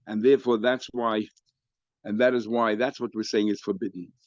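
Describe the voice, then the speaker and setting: A man teaching a daily Talmud class, explaining the text and rising in pitch and volume whenever he reads a quoted passage. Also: fairly even intonation, normal speed, dry recording. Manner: explanatory, rises in pitch and volume when reading quoted Aramaic. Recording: dry, slightly dull recording.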